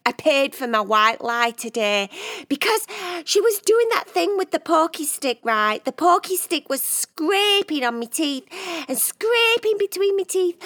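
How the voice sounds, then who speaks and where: Woman playing a dramatic female cat, exaggerating, storybook, lively high voice, bright tone. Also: heavily acted. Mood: complaining. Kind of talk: children's bedtime story.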